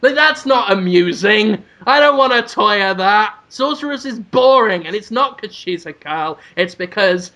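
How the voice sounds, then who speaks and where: A man co-hosting a podcast, talking in an animated, sweary and jokey way. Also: high voice, moderate pace, hardly any pauses, lo-fi sound. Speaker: podcast co-host. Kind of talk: casual chat.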